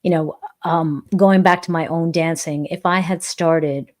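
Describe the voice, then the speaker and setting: A woman's voice: sits low, fairly even intonation, measured pace, darkish tone. A woman in her forties, a dance instructor, hosting a live-stream Q&A and answering chat comments in an earnest, reflective way, often repeating phrases for emphasis.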